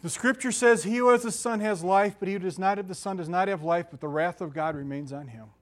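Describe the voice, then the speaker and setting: Animated conversational male preacher. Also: high-pitched, fast talker. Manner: conversational, animated, frequent laughs and asides. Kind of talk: sermon.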